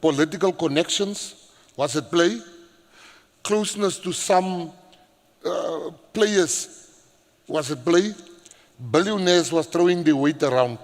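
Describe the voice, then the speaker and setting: A middle-aged South African man, a government minister, giving a public speech and telling stories in an animated way, laughing and shouting as he acts them out. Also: on the high side, slow, pauses often. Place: large hall at a public event. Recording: reverberant hall.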